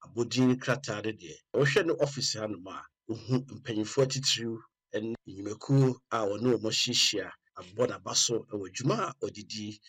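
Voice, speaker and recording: Steady male report narrator, low voice. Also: slightly rough.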